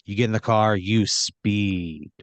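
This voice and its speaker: A man improvising a comedic story on a podcast, narrating in second person with deadpan, drawn-out phrasing. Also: lowish voice, dry recording. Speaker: podcast host spinning a scenario.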